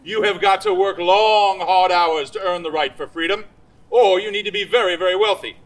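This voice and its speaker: An actor in a comic stage play playing a blustering, dim-witted politician husband with a pompous, oratorical delivery. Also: male voice, sits high, wildly swooping pitch, normal speed, vocal fry, exaggerated voice, low-quality recording.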